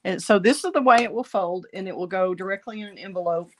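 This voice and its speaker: A middle-aged woman, raspy from bronchitis, chatting through a card-making tutorial as she works. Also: mid-range voice, fast, a little hiss or hum. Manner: chatty, thinking aloud while working. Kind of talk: casual craft tutorial.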